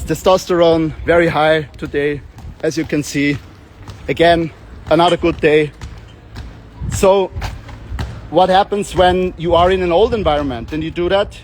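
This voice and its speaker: A young man with a high-pitched voice talks casually as a self-development coach. He rambles and jokes, and slips into acted-out voices for the people he describes. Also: slight background noise. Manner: joking, rambling, acts out quoted voices. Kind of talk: casual monologue with playful voice demonstrations.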